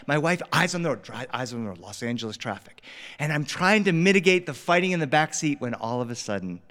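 A man performing a family story live for a studio audience, animated, shifting from loud bursts to whispers. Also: a little high, fast, in a large hall.

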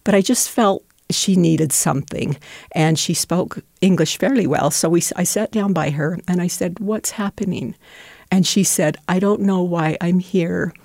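A woman's voice: lowish voice, normal speed, gravelly, darkish tone, no room sound, studio quality. A middle-aged woman volunteering with refugees, telling heartfelt, devout stories in an interview and getting emotional. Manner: heartfelt, tearful at moments, devout. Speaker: refugee donation center volunteer.

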